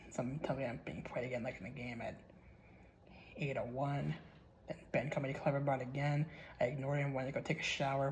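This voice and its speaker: A man's voice: mid-range voice, darkish tone, slight background noise, poor audio. A man hosting his channel, casually reading a horror story aloud in a plain, unacted voice, stumbling over and repeating words and swearing freely.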